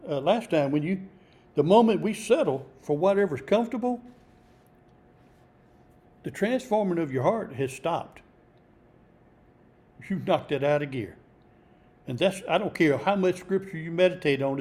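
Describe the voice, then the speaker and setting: Halting older preacher, mellow voice. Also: male voice, on the high side. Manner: halting, with many restarts and fillers. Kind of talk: informal sermon, reading scripture.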